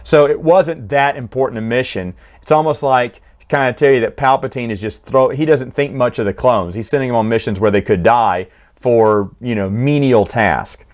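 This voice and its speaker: Guy rambling through a comic recap, mid-pitched voice, lots of uhs and laughs. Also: moderate pace. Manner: chatty, laughs often, frequent restarts and fillers. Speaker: book series reviewer. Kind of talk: casual spoken recap.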